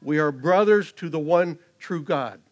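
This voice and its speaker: A man's voice: on the high side, unhurried. A man preaching a sermon in an earnest way, rising to emphasis on key phrases. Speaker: pastor.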